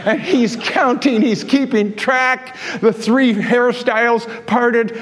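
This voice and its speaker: A man with a high voice preaches with fervor, pressing his congregation with rhetorical questions. His words ring out with a long reverb in a large church hall. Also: fairly even intonation, takes it slowly, a bit bright. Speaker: pastor. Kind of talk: sermon.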